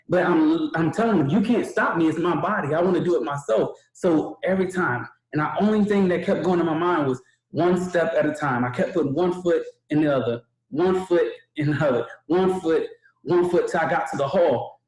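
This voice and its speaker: A young man telling a motivational story at a training webinar, acting out the voices of the people in it. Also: on the high side. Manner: animated, acts out quoted voices. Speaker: webinar speaker. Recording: echoey room.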